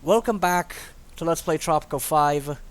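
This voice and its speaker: A man's voice: a little high, normal speed, smooth. A man hosting a let's play, giving casual, rambling commentary full of swearing. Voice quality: profane, rambling, offhand. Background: game music.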